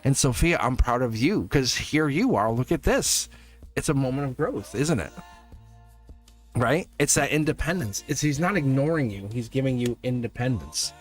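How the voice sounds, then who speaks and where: A man's voice: medium pitch, animated, normal speed, faint music behind. A man giving a casual live tarot reading, rambling and chatty, laughing often. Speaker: tarot reader.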